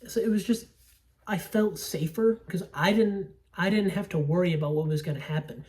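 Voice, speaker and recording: Young woman host, low-ish voice, rambling and profane, sits a bit back from the mic. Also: moderate pace, darkish tone, far from the mic. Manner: rambling, profane, self-interrupting. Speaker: podcast host reviewing movies. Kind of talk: casual solo movie talk. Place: at home.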